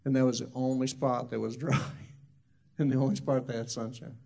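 A man's voice: mid-range voice, flat delivery, fairly quick, creaky, a little mellow. A man who is a minister, telling a loose, rambling testimony story full of asides.

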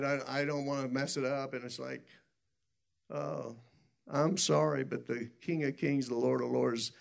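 A man with a gravelly, rough-edged voice preaches a sermon. His pitch sits in a middle range, and he tells his stories earnestly, often stopping and restarting his sentences. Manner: rambling storytelling with many restarts.

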